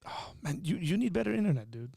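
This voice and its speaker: A man hosting a live call-in stream, talking in an animated, joking way as he teaches with rising emphasis. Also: fairly high pitch, fast talker, creaky, husky, no echo, studio quality. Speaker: livestream host. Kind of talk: live call-in show chat.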